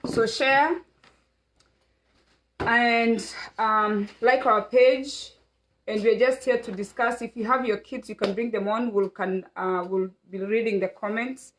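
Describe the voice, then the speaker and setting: A woman's voice: fairly high pitch, fairly even intonation, takes it slowly, slight background noise, low-quality recording. Kenyan-raised mother hosting a livestream. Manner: warm, rambling, many fillers. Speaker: host of a family livestream. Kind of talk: casual livestream chat.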